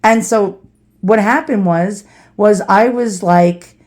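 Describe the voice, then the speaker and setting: A woman's voice: mid-range voice, slow pace, darkish tone. A woman from New City, casually telling a personal story and acting out the people in it. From New York City. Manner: chatty, acts out quoted people. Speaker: storyteller vlogger.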